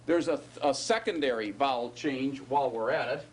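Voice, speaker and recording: A man at a normal speed and mid-range pitch teaches Hebrew grammar in a classroom, with slight background noise. Conversational in tone, he often checks in with the students using "right?" and "okay?".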